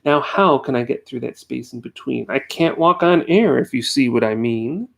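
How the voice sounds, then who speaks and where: A man's voice: mid-range voice, expressive, moderate pace, creaky, fairly bright tone. A man doing a weary big elephant. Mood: pleading. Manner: pleading, put-upon. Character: big weary good-natured male elephant.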